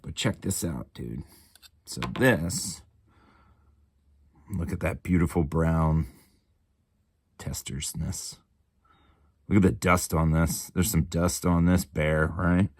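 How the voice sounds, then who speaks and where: A laid-back man in his forties hosts a miniature hobby channel, doing a chatty show-and-tell from his home hobby room and cursing freely. His voice is low and slow, captured dry with clean studio sound.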